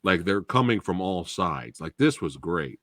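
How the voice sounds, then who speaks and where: Low-voiced, animated man reviewing a film. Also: unhurried, dry recording. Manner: excitable, laughing, swears casually. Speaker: podcast host and film reviewer. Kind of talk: casual film review chat.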